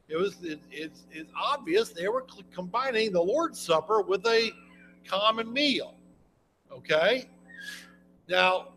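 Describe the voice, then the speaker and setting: A man's voice: sits high, fairly bright tone, poor audio. A man preaching a Bible lesson in a folksy, conversational way, often restarting his sentences. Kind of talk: sermon, Bible class teaching.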